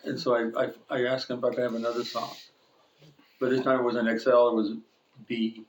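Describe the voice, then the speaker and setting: A man's voice: medium pitch, little pitch movement, brisk, a little hiss or hum. A man preaching a sermon, telling funny stories about himself and chuckling as he goes. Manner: joking, chuckles at his own stories. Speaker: pastor. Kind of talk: sermon with personal anecdotes. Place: church sanctuary. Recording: echoey church room.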